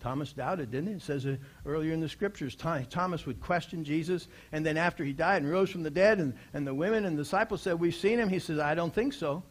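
A man preaching a sermon, asking the congregation rhetorical questions and swinging from hushed lines to loud exclamations. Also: fairly high pitch, quick pace, few pauses.

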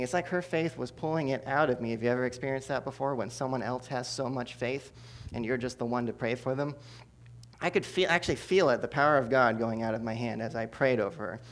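A man preaching a sermon, telling a personal testimony with humor, swinging between loud bursts and hushed asides. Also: medium pitch.

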